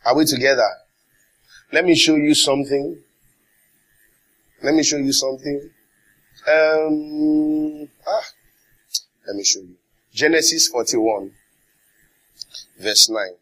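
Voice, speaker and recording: A man's voice: a little high, slow, pauses often, a bit bright. A man with a Nigerian accent preaching a sermon as pastor, emphatic, calling out to the congregation and acting out quotes. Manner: emphatic preaching with call-and-response and acted quotes.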